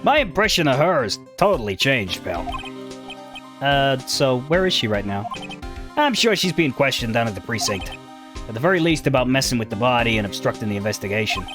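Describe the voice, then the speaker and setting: A man voicing a gruff, loyal, middle-aged male police detective who keeps calling people "pal", in a game playthrough. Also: mid-range voice, close to an everyday voice. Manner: drawls and ends sentences with "pal". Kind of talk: video game voice-over playthrough.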